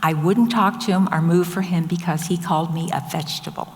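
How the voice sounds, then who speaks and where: A woman's voice: on the low side, brisk. An older woman, a nurse, telling true stories from her work in a casual, anecdotal way, quoting people as she goes. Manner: anecdotal, quotes others in lively voices. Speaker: nurse and speaker. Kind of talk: storytelling talk. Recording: long hall reverb.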